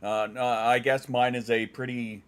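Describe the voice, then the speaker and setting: A middle-aged man with a Western Canadian accent, chatting casually on a stream, joking and enunciating clearly like a trained former DJ. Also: medium pitch, level tone, measured pace. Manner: joking, dad jokes. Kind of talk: casual chat reading viewer comments.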